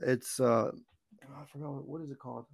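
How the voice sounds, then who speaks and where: A man in his twenties hosting a casual chat, telling stories in a relaxed way and laughing easily. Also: mid-range voice, fast talker, creaky, no room sound, clean studio sound.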